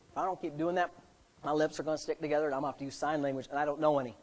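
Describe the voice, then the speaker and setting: A preacher delivering a sermon, firing rhetorical questions at the congregation and shifting between quiet asides and loud, slowed-down emphasis. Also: mid-range voice, steady tone. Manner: jokes lightly with the listeners.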